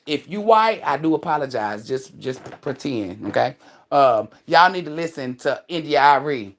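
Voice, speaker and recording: A woman's voice: very deep voice, moderate pace. Woman, livestream host, outdoors, phone mic, blunt, profane, preachy. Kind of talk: casual livestream talk. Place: outdoors among trees.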